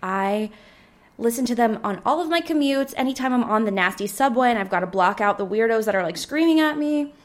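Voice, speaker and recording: Chatty slightly hoarse young woman. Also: on the high side, lively intonation, a little fast. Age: 20s. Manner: rambling, chatty, full of "like" fillers. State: slightly hoarse, losing her voice. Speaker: podcast host. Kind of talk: casual solo podcast chat.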